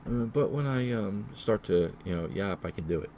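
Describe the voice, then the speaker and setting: Talking alone on his own podcast, a man delivers a casual, rambling monologue packed with fillers and repetition. His voice is low-ish, mellow, and expressive at normal speed, with slight hiss or hum in the audio.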